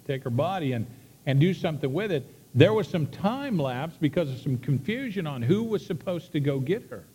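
A man's voice: fairly high pitch, darkish tone, slightly rough, in a large hall. A man preaching a sermon, retelling a story in a conversational way with many repeats and restarts.

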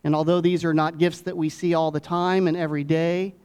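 Middle-aged pastor preaching with dramatic pauses. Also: male voice, a little high, little pitch movement, clean tone. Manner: dramatic pauses, swings between hushed and emphatic. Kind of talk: sermon.

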